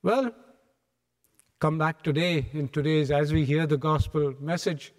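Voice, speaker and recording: Brief: male preacher, animated storyteller, fairly high voice, church with a long echo. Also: a little slow. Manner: animated storytelling, acts out scenes. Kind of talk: sermon. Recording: echoey hall.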